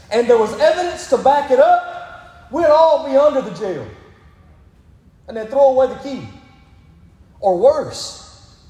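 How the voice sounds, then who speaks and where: Emphatic high-voiced pastor preaching in a hall. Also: male voice, expressive, a little slow, pauses often, mellow. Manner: emphatic, repeatedly urging "listen". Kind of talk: sermon. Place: church sanctuary. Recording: echoey hall.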